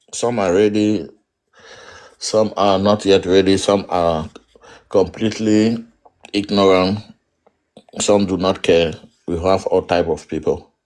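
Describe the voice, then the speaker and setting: Cameroonian man, guest, very deep low voice, emphatic and forceful in his views, Cameroonian English accent. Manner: emphatic, switches into pidgin. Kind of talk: online interview discussion.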